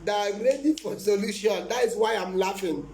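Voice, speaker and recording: A man's voice: high voice, moderate pace, a little mellow, reverberant, slight background noise. A man preaching as a prophet in a live-streamed sermon, emphatic and repetitive, often breaking into laughter.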